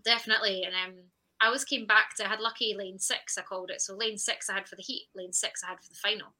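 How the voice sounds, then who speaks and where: Quick-paced and fairly even, her mid-range voice comes across pushed and bright on a low-quality recording. She's an athlete in her thirties, a podcast guest reflecting frankly on her story, laughing and quoting her own thoughts.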